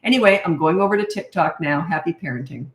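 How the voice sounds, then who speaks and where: A woman in her fifties talks casually on a parenting live stream, her voice sitting fairly low. She rambles warmly through stories, restarts her sentences and pokes fun at herself. The sound carries a roomy echo. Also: lively intonation, quick pace. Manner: chatty, storytelling, self-mocking, restarts and trails off. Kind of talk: casual livestream talk.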